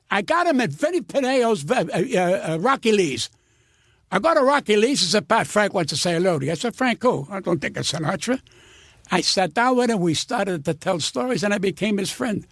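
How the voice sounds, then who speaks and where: A high, gravelly older man tells profane stories with real heat as a guest in an interview. His pitch leaps about animatedly, and the sound is dry and close. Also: fairly bright tone, no room sound. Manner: blunt, profane, heated storyteller. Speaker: guest comedian. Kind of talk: storytelling interview.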